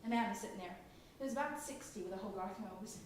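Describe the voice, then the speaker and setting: An actress on a stage playing a lively woman who reads out a chatty, gushing letter from England. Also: mid-range voice, fast, close to an everyday voice. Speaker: stage actor. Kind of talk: stage play reading a letter aloud. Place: theatre stage. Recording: echoey theatre, from far off, faint noise.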